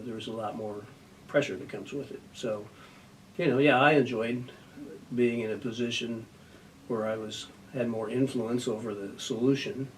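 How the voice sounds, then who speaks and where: An older man, a retiring judge, answering an interview question in a measured, thoughtful way, with frequent pauses and fillers. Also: mid-range voice. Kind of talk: news interview. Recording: distant mic with faint noise.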